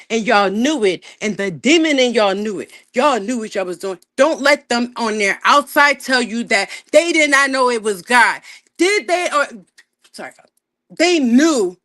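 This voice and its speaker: A woman hosting a livestream in a casual rant, profane and emphatic, dropping to low mutters and rising to loud outbursts. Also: lively intonation, moderate pace, hardly any pauses, no room sound. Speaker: livestream host.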